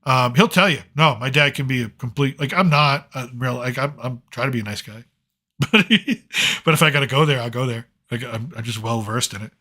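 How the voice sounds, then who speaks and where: Boston male host, middle-aged, bright forceful voice, sardonic rambling live-stream monologue. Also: medium pitch, a little fast. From Boston, Massachusetts. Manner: rambling, sardonic, with many restarts and fillers. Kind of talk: casual monologue.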